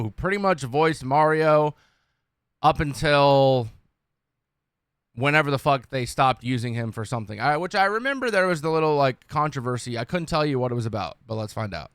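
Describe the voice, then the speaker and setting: A young man streaming, reacting casually to videos in a slangy, excitable, swearing way. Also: a little high, smooth, dry recording, studio quality.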